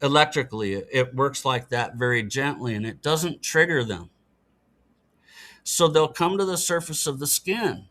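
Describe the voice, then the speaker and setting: A man's voice: mid-range voice, expressive, normal speed, fairly bright tone. A middle-aged man, a podcast guest, talking casually and explaining things in an earnest, matter-of-fact way. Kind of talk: casual interview talk.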